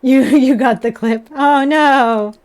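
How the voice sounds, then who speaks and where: A woman with a slightly high voice chats on a live stream as she builds a model kit. She giggles through her sentences and apologizes to her chat in a playful, self-mocking way. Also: slow pace, darkish tone. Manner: giggly, chatty, laughs often between sentences. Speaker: livestreamer.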